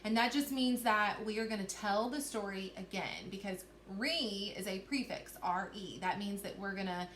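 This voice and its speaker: A woman teacher giving a recorded reading lesson to children, encouraging and clear, slowly sounding out words. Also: mid-range voice, a bit bright. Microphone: recorded to camera for video. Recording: echoey room, faint background hiss.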